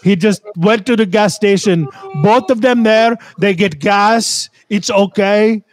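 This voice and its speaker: A man's voice: high voice, a little slow, faint music behind. A man putting on an Indian accent to play a pushy, coaxing man who talks in short, broken sentences. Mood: wheedling. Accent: Indian, put on. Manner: coaxing, repetitive, clipped broken grammar.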